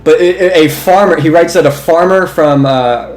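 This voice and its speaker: A man's voice: on the high side, normal speed. Young man telling rambling, amused stories. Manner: rambling, amused storyteller who laughs as he talks. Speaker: podcast co-host. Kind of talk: casual chat. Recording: roomy echo.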